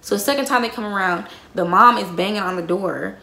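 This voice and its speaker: A woman's voice: mid-range voice, a little fast, gravelly, bright, forceful tone. A young woman telling a heated, profanity-laced story to her viewers, calling them y'all. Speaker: vlogger. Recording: roomy echo.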